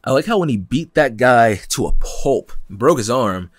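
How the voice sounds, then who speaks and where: A young man hosting a podcast in casual chat, animated and laughing, acting out quotes in slangy talk. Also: medium pitch, moderate pace, background noise. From Pennsylvania, United States. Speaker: podcast host.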